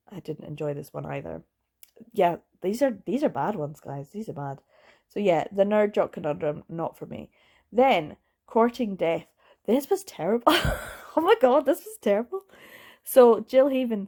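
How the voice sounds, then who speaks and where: A woman chatting casually as a book reviewer, candid and blunt, lively and quick to laugh, with plenty of filler words. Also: mid-range voice. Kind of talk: casual vlog chat.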